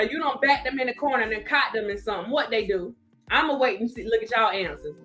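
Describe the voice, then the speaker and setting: A high-pitched woman hosts a casual live stream, laughing a lot as she talks to her viewers and reads their comments. Her voice is bright and sharp, and faint music sits behind her. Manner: laughing often, chatty and animated, reading viewer comments aloud.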